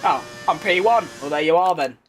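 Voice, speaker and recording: A young gaming streamer from London, England, with a London accent tinged with posh, chats through live racing game commentary, answering chat with rambling asides. His voice is on the high side and brisk, with slight background noise.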